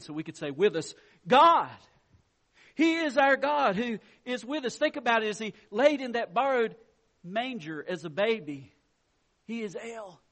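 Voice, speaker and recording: A pastor preaching a sermon, earnest and anecdotal, rising to loud emphasis and dropping to quiet, reflective lines. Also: male voice, high voice.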